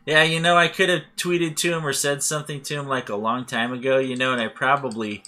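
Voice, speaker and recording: A man hosting a let's play, chatting casually over gameplay and laughing often as he tells stories with lively acted-out voices. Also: mid-range voice, brisk. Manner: animated, acting out voices in his anecdotes.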